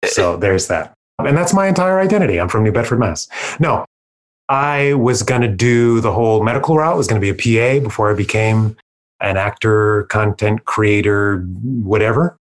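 A man's voice: lowish voice, normal speed. A young man from Massachusetts, a guest on a casual podcast, joking and self-mocking with rambling asides.

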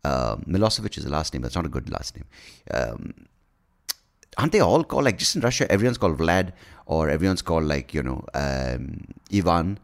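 A man's voice: rumbling low, very animated, fairly quick, creaky. A man in his forties, a podcast host and comedian, ranting casually, profane, rambling and self-mocking.

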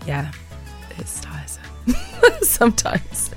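A woman's voice: very high voice, huge pitch swings, slow, soft background music. A woman chatting as an interview guest, bubbly and laughing often as she acts out little voices in her stories. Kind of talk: casual chat answering questions.

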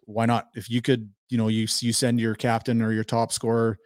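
A man guesting on a sports talk show as a hockey coach, talking in halting bursts with restarts. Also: medium pitch, monotone, darkish tone, no room sound. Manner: halting, restarts words, eager.

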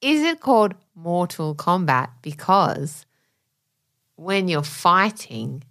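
A tired woman co-hosts a podcast in loose, casual chat. She is playful and quick to laugh, and her voice swings widely up and down as she riffs on silly tangents. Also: fairly low pitch, big pitch swings, fairly bright tone. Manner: playful, laughs easily, drifts into silly bits. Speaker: podcast co-host.

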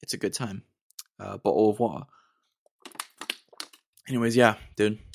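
A man's voice: lowish voice, fairly even intonation, a little fast, creaky, a little hiss or hum. An American man hosting a solo podcast, rambling and ranting in a mock-exasperated way with lots of digressions. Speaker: podcast host. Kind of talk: casual solo podcast rant.

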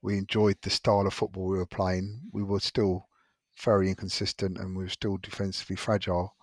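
A low-voiced man co-hosts a casual football podcast. He talks in a measured, reflective way and leans on "you know." The recording is dry and close. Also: level tone, a little mellow, no echo. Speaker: podcast co-host.

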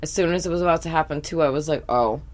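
A podcast host recapping a cartoon in casual chat, blunt and animated with heavy swearing. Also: mid-range voice, rapid-fire.

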